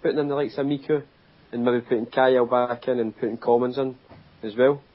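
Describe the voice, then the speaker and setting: A Scottish man co-hosts a football podcast, talking in a plain and steady way. His voice sits in a middle range. The audio is muffled and lo-fi. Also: medium pitch, a little fast. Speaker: podcast co-host. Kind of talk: casual football chat.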